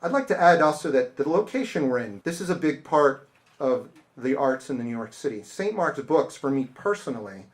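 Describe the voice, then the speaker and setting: A man's voice: medium pitch, animated, fairly quick. Storytelling man at a bookstore talk. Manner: storytelling, acting out quoted people. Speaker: author giving a bookstore talk. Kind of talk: casual talk with audience Q&A. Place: bookstore event space.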